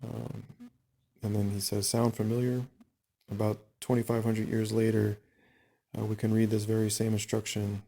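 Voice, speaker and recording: A low, gravelly male voice with a flat, even delivery reads passages aloud from a book. He breaks off to add his own remarks, which are slow and dotted with fillers and pauses. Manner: unhurried, filler-heavy, with many pauses. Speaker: reader and commentator. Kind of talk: reading a book aloud with commentary.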